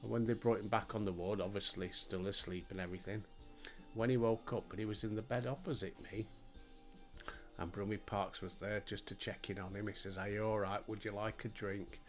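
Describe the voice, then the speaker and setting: A man in his sixties with a Yorkshire accent hosts a gaming video, chatting casually and telling rambling stories as he plays, laughing often. His voice is fairly low with fairly even intonation, and he talks fairly quickly over faint music.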